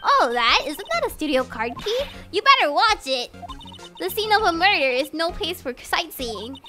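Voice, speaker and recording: A woman reading as a loud, bossy female guard. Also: extremely high pitch, sing-song, normal speed, faint music behind, full character voice. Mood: scolding.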